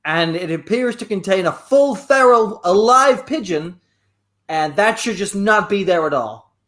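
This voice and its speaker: A man with a high voice performing improvised comedy. He speaks briskly and chattily, delivering each line in a matter-of-fact way. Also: expressive, bright, forceful tone.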